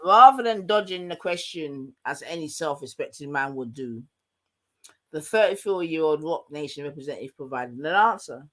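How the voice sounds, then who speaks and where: A man hosting a live stream, chatting loosely and reading articles aloud with quick asides, his throat a little sore. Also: a little high, expressive. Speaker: livestream host. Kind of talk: casual live-stream chat.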